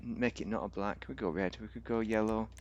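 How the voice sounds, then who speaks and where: A man's voice: lowish voice, steady tone, a little fast, a little mellow. A man giving rambling, casual commentary on a game, thinking aloud with fillers and restarts. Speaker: game reviewer.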